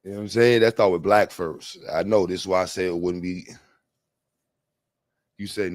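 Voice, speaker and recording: Slangy New man, low voice. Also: moderate pace, long pauses, no room sound. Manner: slangy, animated, laughs often, reads chat aloud. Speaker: livestream panel host. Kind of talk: casual livestream talk. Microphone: streaming mic.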